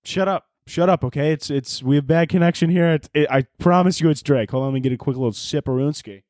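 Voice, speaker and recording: Guy hosting a solo podcast, kinda high voice, rambly and sweary, dry close sound. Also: fast, a little mellow, dry recording. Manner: rambling, profane, jokey, self-interrupting. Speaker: podcast host. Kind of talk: casual solo podcast chat.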